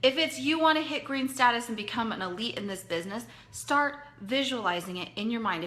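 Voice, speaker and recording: A woman's voice: mid-range voice, sharp tone. A woman leading a direct sales team, speaking earnestly and conversationally as she motivates them, repeating points for emphasis.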